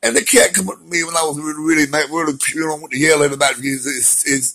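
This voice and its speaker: A man's voice: on the high side, fast talker, few pauses, pushed and bright, low-quality recording. A middle-aged man talking through his recovery in a rambling, heartfelt, slangy monologue. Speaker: vlogger sharing recovery story. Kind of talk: emotional personal monologue.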